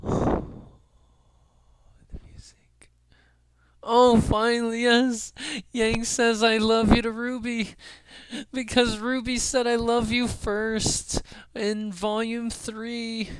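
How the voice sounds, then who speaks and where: A man gives fan reaction commentary in an unhurried, smooth voice, full of sighs, gasps and laughter. The recording is dry and close. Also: high-pitched, no echo. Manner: emotional, gasping and laughing often.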